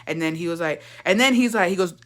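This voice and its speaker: Fast, bright-voiced young woman. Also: fairly low pitch. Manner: profane, rambling, switches into Spanish. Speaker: vlogger. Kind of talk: casual storytime.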